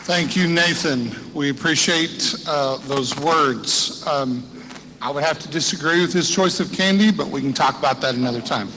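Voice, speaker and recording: A man's voice: on the high side, moderate pace, crowd noise. A man presenting at a school ceremony, talking hesitantly with many fillers. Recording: hall echo with faint ambient noise.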